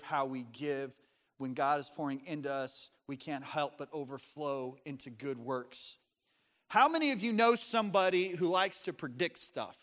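High, bright-voiced male pastor preaching. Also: long reverb tail. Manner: conversational, joking with the congregation. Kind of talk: sermon. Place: church sanctuary.

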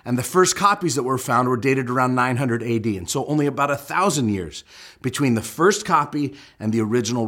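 A man's voice: medium pitch, fairly bright tone. A middle-aged man preaching a sermon, explaining step by step and leaning hard into his key points. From United States. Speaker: pastor.

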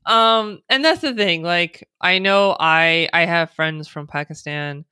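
Smooth-voiced American woman, sarcastic guest. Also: fairly low pitch, bright, forceful tone, no room sound, studio quality. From United States. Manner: sarcastic, chatty, quick to laugh. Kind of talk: casual podcast interview.

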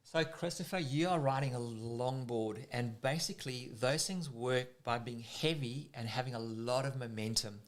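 A man with a South African accent coaches surfing in loose, casual talk. He gets excited as he explains and leans on everyday comparisons to make his point. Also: medium pitch, moderate pace, few pauses. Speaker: surf coach.

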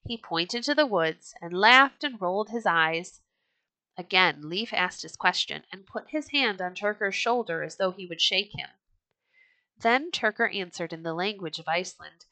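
A woman reading a children's storybook aloud, clear and gentle. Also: medium pitch, lively intonation, normal speed, no echo, rough recording.

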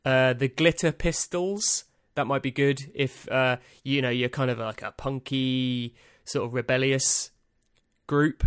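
A man's voice: medium pitch, steady tone, measured pace, fairly bright tone, clean tone, dry recording. A man hosting a podcast, reading out a list in a rambling, dry, self-amused way with lots of ums and uhs. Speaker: podcast host. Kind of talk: casual solo podcast monologue.

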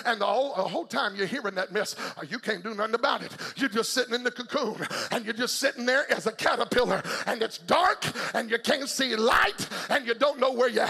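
A male preacher with a very high voice and a bright, forceful edge delivers a rhythmic church sermon. His voice is husky and gravelly, and his lines swell toward shouting. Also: expressive, brisk, in a large hall.

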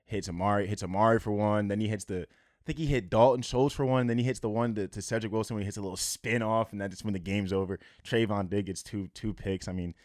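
Fast-talking excitable young man. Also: fairly low pitch, no echo, clean studio sound. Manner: excitable, swears, repeats himself. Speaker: sports podcast co-host. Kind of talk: casual sports betting chat.

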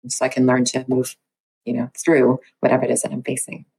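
A woman's voice: very deep voice, monotone, fast, creaky, mellow, slightly rough. A woman researcher, a podcast guest, speaking candidly and reflectively, acting out her own inner dialogue. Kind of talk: candid conversational interview.

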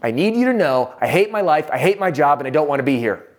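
A man quoting a weary, unfriendly woman restaurant hostess in a curt, flat way. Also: a little high, fast talker.

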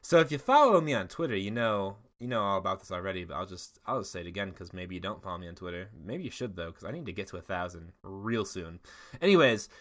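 A man's voice: low voice, lively intonation, quick pace. A man co-hosting a podcast, telling a long story in casual chat, full of fillers and laughs. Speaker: podcast co-host.

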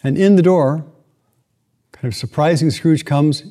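A man giving a sermon, retelling a classic story with reflective, slow dramatic pauses. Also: on the high side, dark tone.

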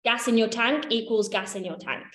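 In an echoey room, a workshop leader teaches with a fairly bright, higher-pitched voice at normal speed. Her style is loose and talkative, with casual swearing and frequent checks that everyone keeps up.

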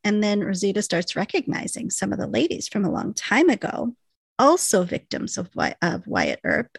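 A woman's voice: medium pitch, very animated, moderate pace, creaky, no room sound. A woman co-hosting a casual recap podcast. She chats, laughs a lot and acts out snippets of dialogue. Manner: chatty, laughs often, acts out lines of dialogue. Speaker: podcast co-host recapping a TV episode. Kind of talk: casual chat.

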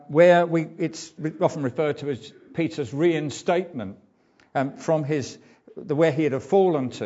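A man preaching a sermon in a conversational, halting way, full of ums and uhs. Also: on the high side, darkish tone, muffled recording. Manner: hesitant, frequent ums and uhs; conversational, informal asides.

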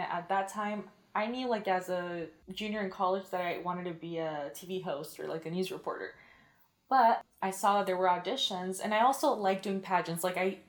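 A chatty young woman with Mexican-American roots answers interview questions about her media work. She keeps adding "like" as she talks and slips into quoted lines. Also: lowish voice. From Mexican-American background. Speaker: radio and TV media personality, guest.

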